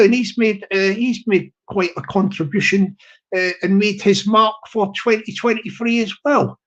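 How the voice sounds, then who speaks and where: A man hosting a live stream, giving upbeat, rambling shout-outs and often repeating himself. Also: high-pitched, dull audio.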